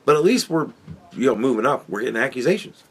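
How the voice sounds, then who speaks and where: A man's voice: mid-range voice, expressive, quick pace, fairly bright tone, slightly rough. A man hosting a podcast, talking in a rambling, profane opinion monologue full of restarts. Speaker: podcast host.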